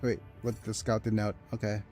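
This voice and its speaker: A man playing through a strategy game, talking softly and hesitantly as he reads menus and plans quests. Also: little pitch movement, moderate pace, faint music behind. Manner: soft low-key delivery, calling it his ASMR voice. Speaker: gaming video host. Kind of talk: let's play commentary.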